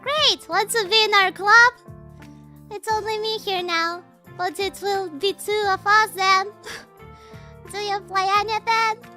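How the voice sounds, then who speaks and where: Woman playing a hyper chatty anime girl, robot vocaloid sort of voice, super bright. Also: extremely high pitch, fairly even intonation, slow, pauses often, soft background music, pitched above the performer's own voice, exaggerated voice. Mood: chirpy. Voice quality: robotic singsong Vocaloid-style voice. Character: chatty cheerful teen girl, fast-talking.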